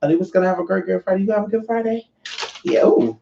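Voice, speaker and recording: A woman's voice: mid-range voice, very fast, gravelly, dark tone, slight background noise. A woman vlogger talking to her viewers in a brash, profane, rambling rant. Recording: roomy, dull lo-fi sound.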